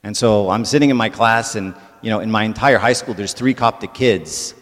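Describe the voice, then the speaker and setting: A man's voice: fairly low pitch, normal speed, few pauses, fairly bright tone. Man giving a talk in a church hall. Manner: conversational, asks the audience "right?" often. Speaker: church speaker.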